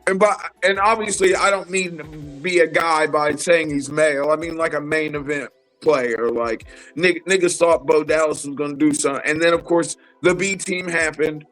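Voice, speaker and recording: A man co-hosting a casual wrestling chat show, talking in an animated, profane, rambling way. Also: a little high, moderate pace, faint music behind, poor audio. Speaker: podcast co-host.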